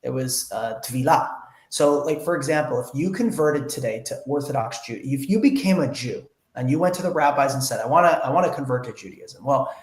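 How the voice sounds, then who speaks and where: A man's voice: mid-range voice, brisk, darkish tone. A man being interviewed, explaining earnestly in casual conversation and retelling bits of dialogue. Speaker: interview guest. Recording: echoey room.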